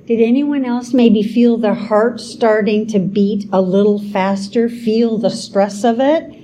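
A woman minister giving a spiritual talk in an expressive, dramatic way, with exclamations and call and response. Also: a little high, unhurried, slight background noise.

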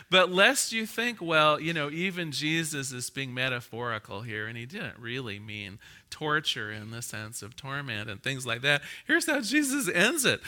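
A man preaching a conversational sermon, reading scripture aloud and telling stories with an animated, laughing manner. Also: on the high side. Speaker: minister.

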